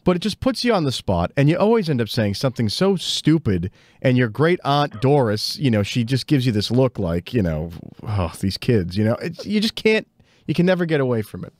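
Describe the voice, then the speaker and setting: A man's voice: medium pitch, sing-song, fairly quick, darkish tone, dry recording. A man co-hosting a podcast, playing up a mock villain persona with lots of hesitant fillers. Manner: playful mock-heel bravado, hesitant fillers. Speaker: co-host and producer. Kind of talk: casual podcast banter.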